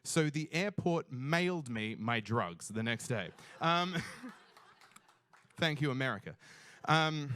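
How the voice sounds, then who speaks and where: A young Australian man telling a funny personal story on stage, animated and self-mocking, swearing freely. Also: medium pitch, slow pace, long pauses. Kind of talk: live storytelling.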